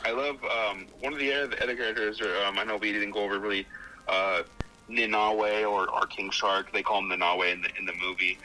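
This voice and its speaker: A man co-hosting a podcast, casually discussing a film in a relaxed, rambling way with frequent fillers and restarts. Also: lowish voice, a little fast, faint music behind, rough recording. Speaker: podcast co-host.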